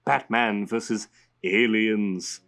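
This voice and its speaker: A man's voice: fairly low pitch, steady tone, slow, fairly bright tone, voice pushed down. A man putting on a Joker voice to read out a listener's letter, theatrical and sing-song. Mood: playful. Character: man doing a Joker voice reading a fan letter. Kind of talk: reading a listener letter aloud.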